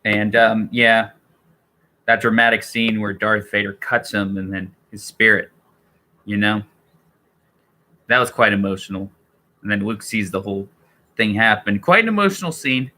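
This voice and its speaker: A man's voice: fairly low pitch, flat delivery, measured pace, long pauses, sharp tone. A man talking casually on a live stream, rambling with many fillers and restarts.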